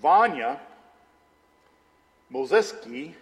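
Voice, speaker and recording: A middle-aged male pastor with a high, light voice, preaching in a conversational, storytelling way. He often drops to a low, intense tone to drive a point home. His voice rings out with a long reverb, as in a large hall. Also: lively intonation, very slow. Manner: conversational preaching with personal stories. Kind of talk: sermon.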